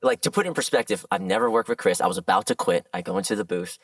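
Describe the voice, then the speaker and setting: A man who works as a voice actor, chatting as a guest in a casual podcast interview and telling animated stories with frequent laughs. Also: lowish voice, fast talker, vocal fry, no room sound, recorded from a distance.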